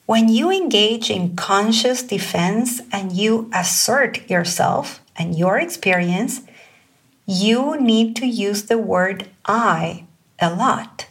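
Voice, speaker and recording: A woman coaching on communication in a calm instructional talk, speaking slowly and deliberately and reading example phrases aloud. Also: medium pitch, gravelly, breathy edge, distant mic.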